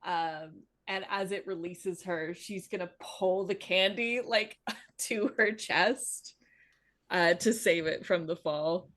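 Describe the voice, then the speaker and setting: A woman's voice: on the low side, slow pace, fairly bright tone. A woman playing in a tabletop game, describing her character's actions while giggling.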